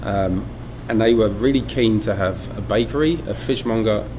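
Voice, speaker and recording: A middle-aged man from England, a butcher shop owner talking in a documentary interview, relaxed and reflective with many ums and restarts. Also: on the low side, normal speed. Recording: air conditioning hum behind.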